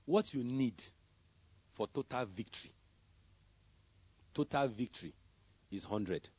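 A man preaching a sermon, swinging between loud emphatic calls and soft murmured prayer. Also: mid-range voice, slightly rough, dry recording. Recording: dull lo-fi sound.

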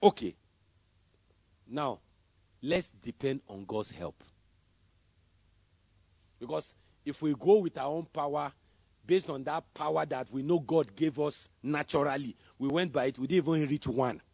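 A man preaching a sermon, swinging between loud emphatic calls and soft murmured prayer. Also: on the high side, measured pace, gravelly, pauses often, slightly rough, no echo. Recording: dull lo-fi sound.

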